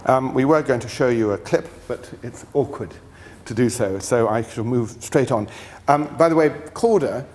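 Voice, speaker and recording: A man's voice: mid-range voice, normal speed, darkish tone, slight background noise. An older man giving a university lecture as a film producer, telling stories with many fillers and restarts. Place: lecture hall.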